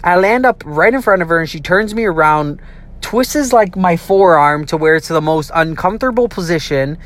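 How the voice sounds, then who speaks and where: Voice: medium pitch, moderate pace. A young adult casually telling a childhood story, swearing freely and acting out the people in it. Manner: profane, animated, acts out quotes.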